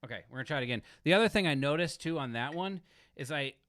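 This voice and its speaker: A man musing aloud while practicing for an audition, critiquing himself in halting, self-correcting phrases. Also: a little high, expressive, fairly bright tone. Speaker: musician practicing audition excerpts. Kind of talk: thinking aloud during practice.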